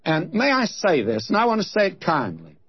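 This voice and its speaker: Folksy older man preaching, husky voice. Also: high voice, huge pitch swings, brisk. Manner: homespun, plain-spoken preaching with rhetorical questions. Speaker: radio Bible teacher. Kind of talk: folksy sermon teaching. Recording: dull lo-fi old radio broadcast.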